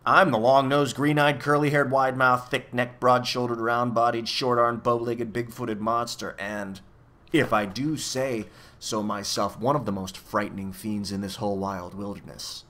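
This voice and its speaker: A man's voice: mid-range voice, little pitch movement, normal speed, lightly acted. A man voicing a small furry male demon who gives mocking bad advice, boasts and then whimpers. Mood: boastful. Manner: mocking shouted advice, sobbing when caught.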